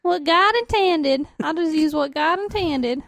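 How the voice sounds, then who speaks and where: Woman putting on a creaky country drawl. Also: very high voice, measured pace, fairly bright tone, no room sound, heavily acted. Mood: folksy. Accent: put-on Southern US country. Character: down-home Southern country woman, house-proud and stubborn.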